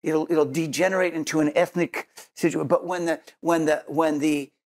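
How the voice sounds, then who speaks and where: A man's voice: a little high, steady tone, brisk. A man teaching as a Messianic Jewish preacher, delivering an earnest sermon and closing in prayer, often repeating words as he finds his thought. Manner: earnest, repeats words while searching for them.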